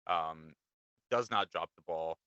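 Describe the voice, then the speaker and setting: Man, sports podcast co-host, very deep, smooth crisp voice, dry close sound. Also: slow pace, sharp tone, dry recording, lo-fi sound. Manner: laid-back, explains at length with fillers. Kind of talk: casual sports chat.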